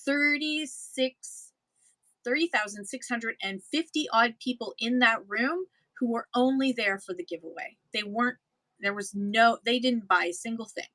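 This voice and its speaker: A woman's voice: on the high side, moderate pace, sharp tone, no echo, poor audio. A woman from Canada, co-hosting a casual chat about livestream selling, explaining in a rambling, self-correcting way. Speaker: livestream seller and co-host.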